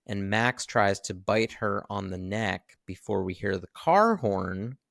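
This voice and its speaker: A man co-hosting a podcast, recapping a film in animated casual chat and swearing freely. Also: lowish voice, slow, creaky, no room sound, studio quality. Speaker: podcast co-host.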